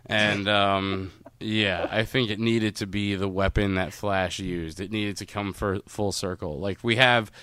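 A man with a low, smooth, resonant voice rambles through a casual movie chat, joking and acting out scenes. The sound is close and dry. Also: steady tone, measured pace, hardly any pauses, pushed and bright, no echo. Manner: rambling, jokey, acts out quotes.

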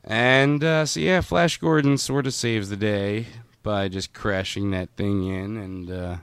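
A man with a low, smooth, resonant voice rambles through a casual movie chat, joking and acting out scenes. The sound is close and dry. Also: a little slow, no echo. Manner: rambling, jokey, acts out quotes.

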